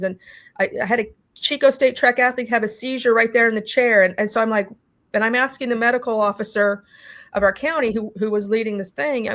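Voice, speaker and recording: A woman recounting her own experience in an interview, talking animatedly, acting out what people said and often restarting with "you know". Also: on the high side. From California. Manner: animated storytelling, acting out quoted dialogue. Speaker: interview guest. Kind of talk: personal testimony in a conversation.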